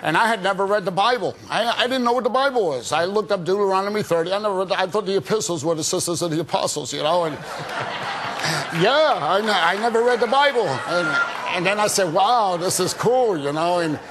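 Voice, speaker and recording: A man giving an excited testimony and then leading a fervent prayer as a guest on a Christian television talk show. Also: high-pitched, fairly quick, background noise. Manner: excited storytelling, fervent preaching. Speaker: evangelist guest.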